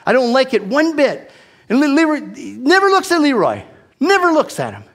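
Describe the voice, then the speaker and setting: Animated older man telling a testimony. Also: very high-pitched, moderate pace. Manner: animated, self-deprecating storyteller with many restarts. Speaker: speaker giving a testimony. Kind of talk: personal testimony storytelling.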